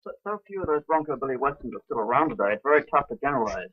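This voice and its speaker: A man interviewing a guest, asking questions in a brisk, articulate way. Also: mid-range voice, very animated, husky. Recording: dull distant archive recording.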